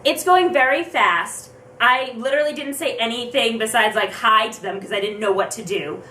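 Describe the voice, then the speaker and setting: Fast-talking excitable young woman, roomy sound. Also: fairly high pitch, slight background noise. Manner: fast, excitable, acts out her own thoughts. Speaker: vlogger. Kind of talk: casual storytelling. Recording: roomy, distant from the mic.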